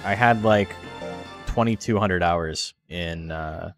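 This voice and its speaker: His deep, slightly bright voice takes things slowly while faint music plays in the background. The man is a tournament commentator whose live-stream game commentary is loose and joking, full of rambling, repeated "like," and free swearing.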